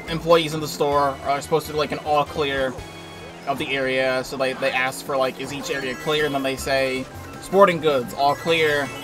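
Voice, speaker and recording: Man streaming gameplay, slightly high voice, rambling casual chat, game music behind. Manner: rambling, lots of "like" and restarts, casual swearing. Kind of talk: casual gameplay commentary and storytelling.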